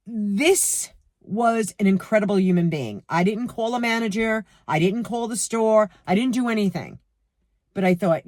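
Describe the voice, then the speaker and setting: A woman's voice: medium pitch, brisk, no echo, clean studio sound. Heated New York woman ranting. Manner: heated, animated, talks to viewers directly. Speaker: vlogger. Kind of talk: storytime rant to camera.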